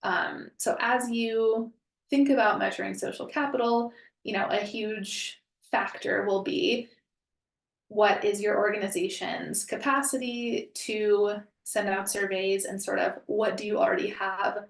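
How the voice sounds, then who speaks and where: Woman presenting a webinar, gravelly tone. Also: medium pitch, steady tone, a little slow, reverberant, recorded from a distance. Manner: conversational, frequent ums and hedging.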